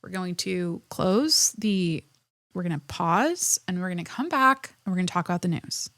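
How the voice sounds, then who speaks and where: A young adult woman hosting a solo podcast, ranting in an animated, profane way that keeps cutting itself off. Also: on the low side, normal speed, dry recording, studio quality. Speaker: podcast host.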